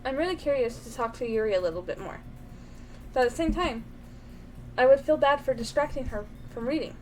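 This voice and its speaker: A woman's voice: high-pitched, expressive, brisk, darkish tone, a little hiss or hum, low-quality recording. A young woman streaming a game, reading its narration aloud while chatting and cooing at her baby.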